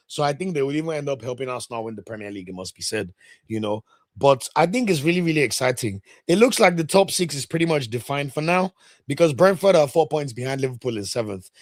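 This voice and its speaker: A Nigerian man hosting a football podcast, talking casually, opinionated and ranting with sudden loud exclamations. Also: medium pitch, no room sound, clean studio sound. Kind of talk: casual solo football commentary.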